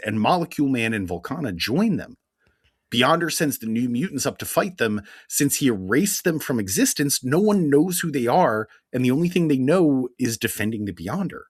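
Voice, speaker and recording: A man with a Philadelphia accent co-hosting a podcast, recapping comics in a wry, deadpan way and explaining things through sports metaphors. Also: mid-range voice, slightly rough, dry recording, clean studio sound. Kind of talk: casual chat recap.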